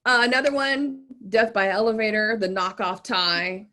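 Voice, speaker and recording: A woman's voice: medium pitch, moderate pace, sharp tone. A woman co-hosting a podcast, chatting casually and bluntly about a TV show, with plenty of swearing and laughing asides. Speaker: podcast co-host.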